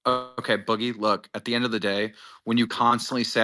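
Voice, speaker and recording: A man's voice: mid-range voice, little pitch movement, brisk, pushed and bright. A man questioning a friend on a live stream and pushing him for an answer. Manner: pressing, questioning.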